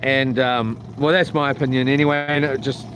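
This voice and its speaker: A New Zealand man tells a rambling, colloquial story for his vlog, outdoors by a lake, with a little hiss or hum in the audio. His mid-range voice is flat in delivery and brisk in pace. He loudly mimics other people as he goes.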